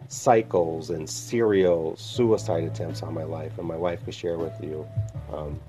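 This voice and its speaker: A man from northern Illinois, a podcast host telling his personal faith story in a reflective, heartfelt way with pauses. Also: low voice. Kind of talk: personal testimony.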